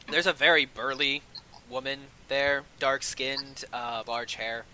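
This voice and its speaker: A man's voice: mid-range voice, fairly even intonation, moderate pace, bright, forceful tone, a little hiss or hum, rough recording. A man narrating as game master in a casual tabletop game, hesitant and full of ums.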